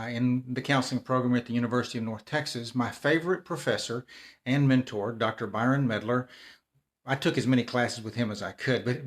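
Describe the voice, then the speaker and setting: A middle-aged man hosting a live video, talking casually and informally with frequent restarts and repeated words. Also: medium pitch. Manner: conversational, frequent restarts and repetitions. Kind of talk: casual talk to camera.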